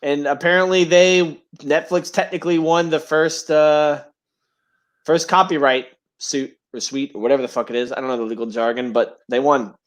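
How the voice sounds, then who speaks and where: A man's voice: on the high side, steady tone, normal speed. A man co-hosting a podcast, rambling and joking crudely in casual banter. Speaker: podcast co-host.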